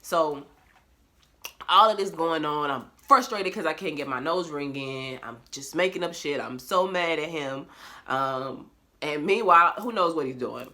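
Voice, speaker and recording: Bright-voiced young woman venting on camera. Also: low-pitched, measured pace. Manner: candid, expressive, swears freely, laughs often. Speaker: vlogger. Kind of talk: casual confessional vlog. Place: bedroom at home.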